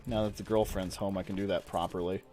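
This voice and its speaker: A man's voice: sits low, little pitch movement, fast talker, mellow, soft background music. A man streaming a strategy game, chatting casually and reading game text aloud as he plays. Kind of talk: casual gameplay commentary.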